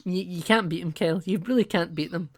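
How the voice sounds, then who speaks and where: A woman with a low voice, chatting casually as a podcast co-host. She retells a film scene by scene, breaking into quick quoted lines from the characters as she goes. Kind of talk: casual film recap chat.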